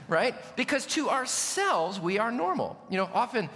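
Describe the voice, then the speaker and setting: A man's voice: high voice, very animated, fairly quick, hardly any pauses, pushed and bright. An American man, a pastor, preaching an earnest, emphatic sermon full of rhetorical questions. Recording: long hall reverb.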